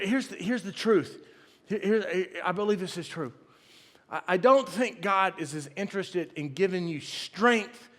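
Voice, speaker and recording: A middle-aged preacher with a drawl and a fairly high voice, cracking jokes at his own expense and calling out to his congregation. His sermon rings out through a big church sanctuary with a long reverb trailing behind him. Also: a bit bright. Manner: folksy, self-deprecating, jokes with the congregation. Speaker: pastor.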